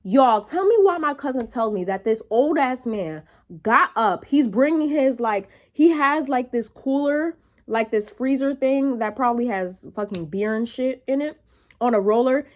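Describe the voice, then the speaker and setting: A young woman tells a story in a casual, lively vlog, swearing a lot and throwing quick asides to her viewers. Her voice sits on the high side.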